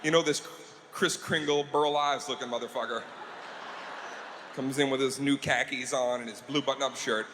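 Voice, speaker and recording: A man doing a stand-up comedy routine in a live venue, telling stories animatedly with profanity and quick switches between voices. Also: mid-range voice, steady tone. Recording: roomy live room with crowd noise.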